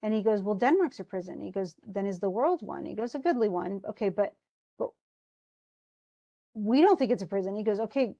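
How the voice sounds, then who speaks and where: Woman teacher, casual, paraphrases a play's lines in loose everyday speech, mid-pitched. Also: expressive, brisk, dark tone, dull audio. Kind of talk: casual lesson, retelling a play.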